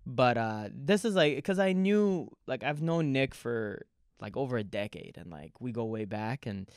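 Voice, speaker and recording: A man's voice: medium pitch, animated, a little slow, a little mellow, clean tone, no echo, clean studio sound. A man, a comedian and podcast guest, telling casual stories full of swearing and laughter, acting out both sides of conversations. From Canada. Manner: profane, laughing, acts out both sides of dialogue. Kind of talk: casual storytelling chat.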